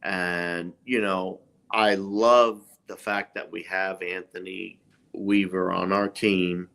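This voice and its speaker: Slow bright-voiced sports fan co-host. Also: male voice, sits low, little pitch movement, gravelly. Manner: slow, emphatic fan opinions. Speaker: podcast co-host. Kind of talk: casual sports chat. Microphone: live stream microphone.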